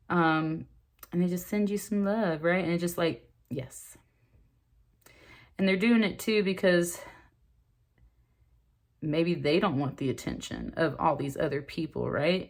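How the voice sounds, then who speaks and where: Lowish-voiced woman doing a tarot reading, chatty, excitable, lots of likes and ums. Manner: chatty and excitable, many fillers and asides. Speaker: tarot reader. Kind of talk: casual spoken tarot reading.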